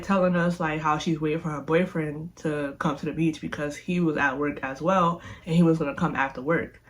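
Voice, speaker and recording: A young woman vlogger casually telling a storytime, animated and slangy, often repeating herself. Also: deep voice.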